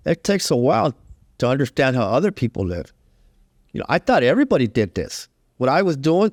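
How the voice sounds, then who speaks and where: A man's voice: mid-range voice, no echo, clean studio sound. A middle-aged man, a guest telling his life story in a candid, conversational way, full of "you know" fillers.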